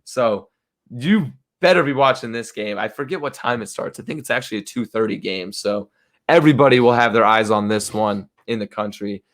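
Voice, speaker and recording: A man's voice: mid-range voice, a little fast. A young man hosting a sports betting show, talking through his picks in a chatty, confident, casual way. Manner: chatty, confident, conversational with fillers.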